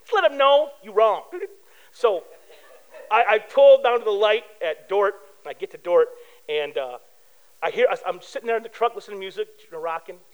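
A man's voice: high voice, brisk, smooth, dull audio. A middle-aged male pastor preaching a sermon in a casual, conversational way, telling personal stories and acting out quoted voices. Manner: animated, acts out quoted voices.

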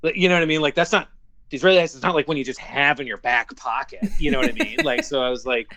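A young man, an actor, telling anecdotes in a casual, animated way full of fillers. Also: mid-range voice, quick pace, a crowd in the background. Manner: animated, filler-heavy storytelling. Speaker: actor guest.

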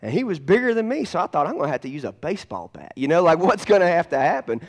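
A man preaching a sermon, telling a personal story, swinging from loud bursts to hushed asides. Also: a little high, very animated, fast talker. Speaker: pastor.

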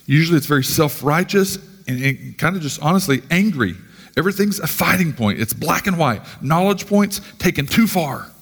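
A man's voice: on the high side, expressive, normal speed, a bit bright, breathy edge, in a large hall. A man pastor giving a conversational sermon full of rhetorical questions.

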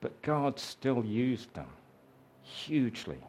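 Man, preacher, unhurried sermon, reflective storytelling, mid-pitched voice. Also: sing-song, darkish tone, a little hiss or hum. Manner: slow, reflective storytelling with dramatic quoted voices.

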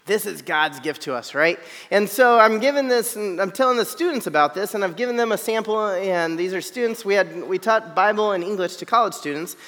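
A man telling a humorous personal story to an audience, animated and self-deprecating, often checking in with "right?". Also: high voice, fairly quick, few pauses, big-room sound.

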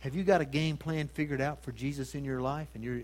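Male pastor mid-sermon, dramatic shifts from booming emphasis to near-whisper. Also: fairly even intonation, fast talker, hardly any pauses. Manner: dramatic swings between loud emphasis and hushed tones; addresses congregation with rhetorical questions. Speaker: preacher.

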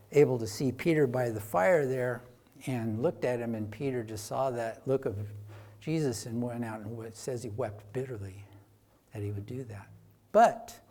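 This sermon comes from a man with a medium-pitched voice who recounts a Bible story as if chatting. For emphasis he gets louder, and afterward he lets his voice fall soft and quiet.

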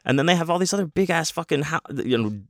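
A man's voice: fairly high pitch, expressive, fast talker, gravelly, fairly bright tone, no echo. A man telling a rambling, profane story in a casual way, with many restarts. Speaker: convention guest.

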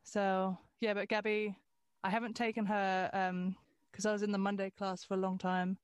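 A woman at mid pitch talking casually, loose and conversational. The sound is close and dry. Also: level tone, normal speed, smooth, no echo. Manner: conversational, loose, frequent restarts and "like". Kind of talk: casual chat.

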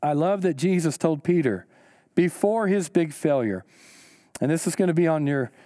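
Man, pastor, sermon, high-pitched, earnest, emphatic repetition. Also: lively intonation, dark tone, dry recording, studio quality. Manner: earnest, repeats key lines slowly for emphasis; rises in pitch when stressing a point.

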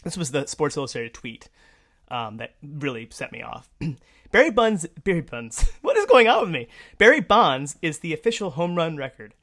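A woman co-hosting a sports talk show, her pitch swinging widely as she rants. She talks casually, stumbling through fillers and restarts and then pushing hard on her points. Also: moderate pace. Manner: animated, ranting, many fillers and restarts. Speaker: podcast co-host.

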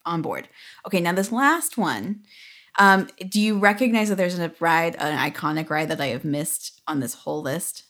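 A woman with a lower voice chatting on a podcast. She is upbeat and laughs easily as she runs through her list of questions. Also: moderate pace, fairly bright tone. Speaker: podcast co-host. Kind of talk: casual chat.

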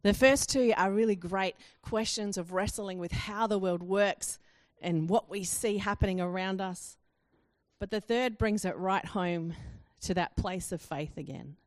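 Woman preacher, expressive, dramatic questions, dry close sound. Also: medium pitch, a little slow, no room sound. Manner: expressive, acts out quoted questions with rising emphasis. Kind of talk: sermon.

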